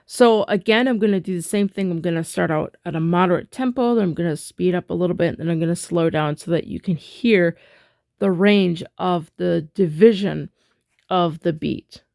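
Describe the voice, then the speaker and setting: A woman's voice: fairly low pitch, normal speed, gravelly, a little mellow, no room sound, clean studio sound. A woman teaching music rhythm, patient and explanatory, with frequent fillers and restarts. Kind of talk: slow instructional explanation.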